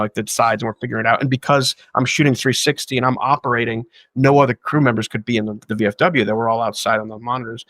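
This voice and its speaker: Man, rapid talker, swears a lot, mid pitch, dry close sound. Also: a bit bright, no room sound. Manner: fast, profane, acts out quotes of others. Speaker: guest filmmaker. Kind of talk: casual anecdotal storytelling.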